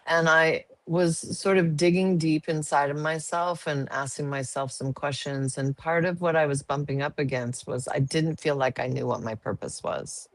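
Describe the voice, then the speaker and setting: A woman's voice: low voice, fairly even intonation, moderate pace, few pauses, no echo. A woman guest sharing her story in an interview, earnest and emotional. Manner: earnest, emotional, laughs easily.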